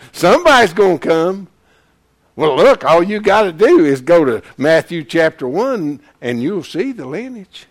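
A man teaching a Bible class in sermon style, folksy and animated, breaking into shouts to press a point. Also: high voice, measured pace.

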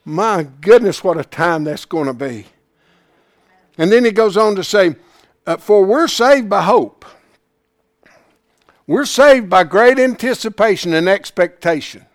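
A man preaching with a fervent, high-pitched voice that rises sharply when he gets excited. He repeats key phrases for emphasis, then drops into quiet, intimate storytelling. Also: moderate pace. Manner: fervent, swings from hushed to excited. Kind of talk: sermon.

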